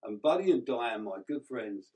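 A man's voice: mid-range voice, animated, moderate pace, a little mellow, low-quality recording. A man with an English accent, co-hosting a radio show in casual chat, talking freely and laughing often. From England.

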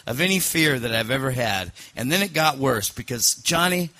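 A man's voice: medium pitch, expressive, moderate pace, sharp tone, no room sound. A man hosting a podcast, telling a personal story casually, rambling with fillers and restarts. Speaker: podcast host.

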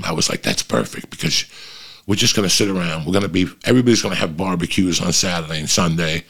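A middle-aged podcast host tells his listeners long, profane, rambling stories full of animated anecdotes. His low voice is fast and gravelly with a breathy edge.

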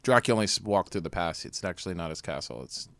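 A man guest telling stories in a casual studio chat, animated. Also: low-pitched, quick pace, creaky, no room sound. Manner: animated storyteller.

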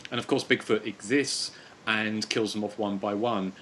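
A man with a lowish voice hosts a relaxed podcast chat, rambling through his thoughts with plenty of ums and restarts. A faint hiss of noise sits under his voice. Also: normal speed. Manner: rambling, chuckling, quotes films with mock moans. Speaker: podcast host.

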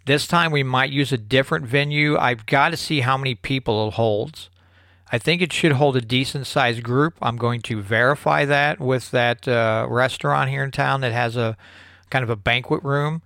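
A man's voice: medium pitch, a bit bright, smooth, no echo, studio quality. A man hosting his own live stream show, rambling through closing announcements with many fillers and restarts. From Missouri. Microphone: own microphone at a desk.

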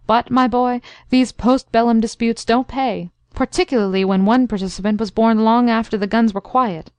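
Casting: woman doing an excitable older Southern gentleman officer for a storybook audiobook, brisk and fussing, dry close sound. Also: a little high, clear, resonant tone, dry recording, close to an everyday voice. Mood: scolding. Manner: brisk, exclamatory. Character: blustering older male Southern major.

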